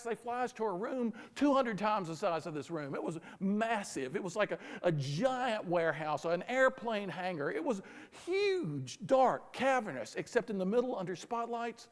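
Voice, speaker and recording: A man with a Southern American accent telling a lively story to an audience, acting out the dialogue as he goes. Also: extremely high pitch, normal speed, hardly any pauses, in a large hall. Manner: animated, plays out dialogue in the story. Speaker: speaker. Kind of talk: storytelling keynote talk.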